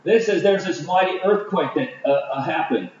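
A man preaching a Bible study sermon, halting with many fillers and restarts. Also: high voice, a little hiss or hum. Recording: distant, roomy, dull lo-fi.

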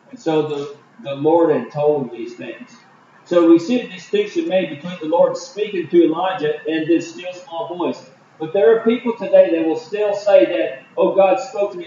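A man preaching a Bible study sermon, halting with many fillers and restarts. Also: on the high side, warm tone, slight background noise. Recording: distant, roomy, dull lo-fi.

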